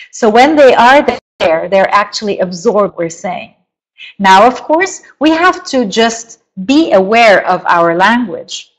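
A middle-aged woman coaching parents in a webinar lecture, explaining slowly and deliberately, with emphatic stresses. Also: medium pitch, poor audio.

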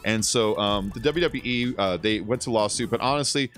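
Faint music plays behind a man in his thirties who speaks at a moderate pace in a lowish, slightly bright voice. Livestreaming a game from home, he's casual, laid-back, and rambling, and swears often.

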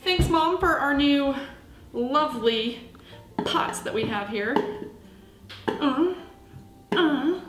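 A woman's voice: sits high, animated, takes it slowly, pauses often, roomy sound, music in the background, poor audio. A woman from the United States, chatty and goofy, talking to herself while she cooks in her home kitchen for a vlog. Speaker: vlogger. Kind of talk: casual cooking vlog.

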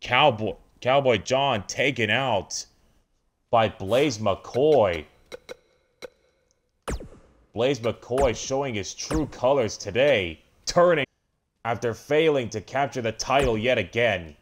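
A man giving excited play-by-play commentary over a wrestling video game, breaking into startled exclamations and stumbling over restarts. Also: medium pitch, slow pace, slight background noise.

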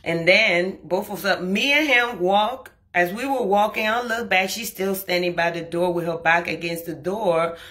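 Animated woman telling a comic story. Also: normal speed, few pauses. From Liberia. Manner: animated, acts out quoted lines with rising pitch and volume. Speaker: comedian storyteller.

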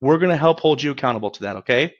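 A man's voice: mid-range voice, animated, racing, muffled recording. A man giving a webinar as a coach, talking in an upbeat, encouraging, conversational way, often checking in with "right?". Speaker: credit repair coach. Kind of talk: webinar presentation.

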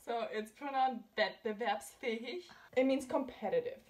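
A woman's voice: a little high, expressive, moderate pace. A young woman hosting a casual vlog, patiently correcting pronunciation and giggling often. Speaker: host teaching German words. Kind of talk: casual chat.

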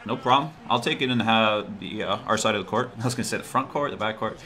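Lowish in pitch and fast-talking, this gaming YouTuber provides live commentary on his basketball game. He gets excitable, cheering and groaning, talking to players on screen, and muttering between plays before breaking into yells.

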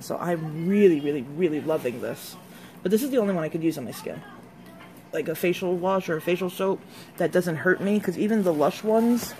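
A woman vlogger chatting casually through an unboxing, excitable and gushing over each product. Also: low voice, slight background noise.

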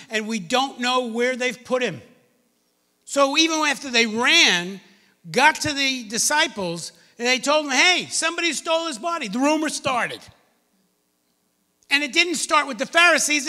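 A man with a high, bright voice preaches a lively sermon, reading scripture and throwing in playful asides. His voice rings with a long reverb from a church hall. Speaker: pastor. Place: church sanctuary.

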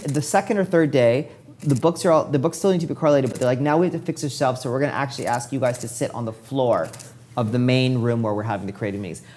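A man in his forties talks at a quick clip as an interview guest. He tells his story in a lively way and slips into the voices of the people he quotes. His voice sits at a middle pitch for a man. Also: a little hiss or hum. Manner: lively storyteller who acts out quoted dialogue. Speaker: hair stylist, interview guest.

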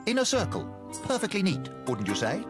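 An actor playing a pompous, fussy official in a cartoon, formal and precise. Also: male voice, sits high, wildly swooping pitch, brisk. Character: pompous fussy middle-aged male official. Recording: cartoon soundtrack with music.

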